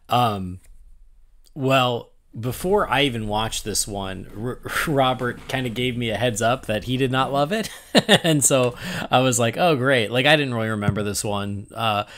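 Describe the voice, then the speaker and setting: A man hosting a podcast in casual chat, animated and laughing often as he acts out his own reactions. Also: medium pitch. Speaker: podcast host.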